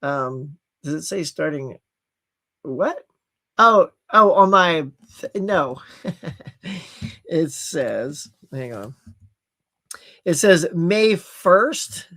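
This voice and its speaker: Guy hosting a home movie stream, super lively up-and-down voice, laughs at himself a lot. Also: a little high, very slow, pauses often. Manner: animated, chatty, laughs at himself. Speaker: livestream host. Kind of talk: casual livestream chat about movie releases. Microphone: computer with HD webcam.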